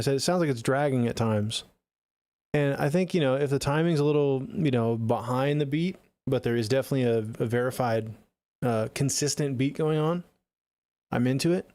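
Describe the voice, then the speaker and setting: A man's voice: medium pitch, darkish tone, no echo. A man streaming music feedback from a home studio closet, talking in a laid-back, rambling and profane way. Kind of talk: casual live-stream chat.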